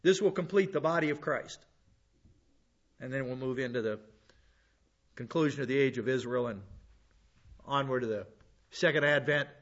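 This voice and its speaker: A man's voice: medium pitch, normal speed, pauses often, highs cut off. A man preaching as a pastor teacher, blunt and conversational, often restarting his sentences. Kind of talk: sermon.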